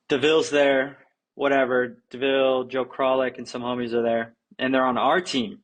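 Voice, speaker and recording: A man's voice: mid-range voice, steady tone, fairly quick. A young man, a guest, telling a story in a laid-back way, saying dude and like constantly. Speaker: guest skateboarder. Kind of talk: casual storytelling.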